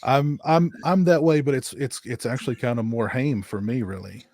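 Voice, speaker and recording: A man's voice: medium pitch, normal speed, darkish tone. A young man chatting as a podcast guest, rambling with many restarts. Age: young adult. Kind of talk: casual chat.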